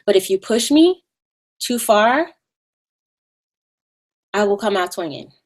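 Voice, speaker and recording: A woman's voice: medium pitch, animated, slow pace. A woman hosting a live stream in a casual, sassy way, with a Valley Girl voice and mocking asides.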